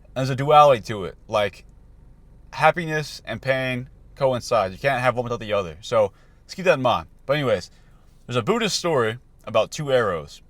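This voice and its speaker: A man's voice: mid-range voice, animated, fairly quick, fairly bright tone, no echo. Casual young man giving life advice. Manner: loose and conversational, many fillers and restarts. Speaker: self-improvement coach. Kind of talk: casual motivational talk to camera.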